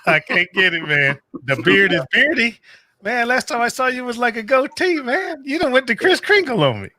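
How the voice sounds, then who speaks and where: Bright, lively, joking man. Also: very high-pitched, normal speed, no room sound. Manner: laughing, joking. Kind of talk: casual livestream chat.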